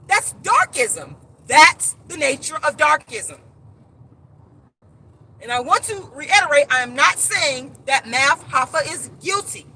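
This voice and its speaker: A woman's voice: high-pitched, big pitch swings, a little slow, pushed and bright. A woman author and activist speaking straight to her viewers in an impassioned live-stream monologue, emphatic and preachy, repeating words as she gets worked up. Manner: speaks directly to viewers as "y'all".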